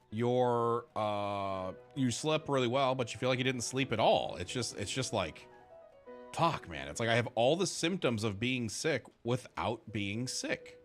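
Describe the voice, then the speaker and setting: A man's voice: medium pitch, a bit bright. A man who is a gaming streamer chatting casually, tired, yawning and congested, rambling with frequent restarts and swearing.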